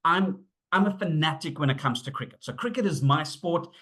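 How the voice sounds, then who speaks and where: A middle-aged man presenting a webinar on safety, telling stories in an animated way, acting out the dialogue and using frequent fillers. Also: on the high side, fairly quick. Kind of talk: storytelling talk.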